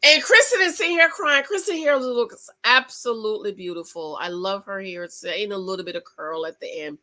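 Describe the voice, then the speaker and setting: A woman hosting her own channel, chatting through a reality TV recap with gossipy asides and quick exclamations. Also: on the low side, pushed and bright. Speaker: channel host. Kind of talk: casual reality TV recap commentary.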